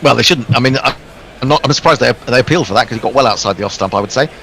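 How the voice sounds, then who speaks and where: A man's voice: medium pitch, racing, bright, forceful tone, rough recording. A man co-commentating on cricket in a chatty, self-deprecating way, reading out listener messages.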